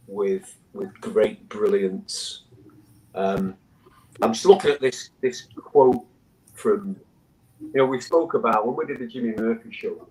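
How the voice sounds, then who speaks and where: A man's voice: lowish voice, poor audio. A man speaking as a guest on a casual panel discussion, enthusiastically telling stories and reading quotes aloud, with frequent restarts. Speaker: guest, memorial foundation chairman.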